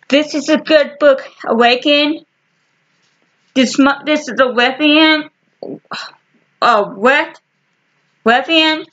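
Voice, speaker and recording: A woman casually showing her book collection to the camera, talking in short halting fragments with frequent restarts. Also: high voice, fairly bright tone, highs cut off. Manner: slow and rambling. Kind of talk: casual chat.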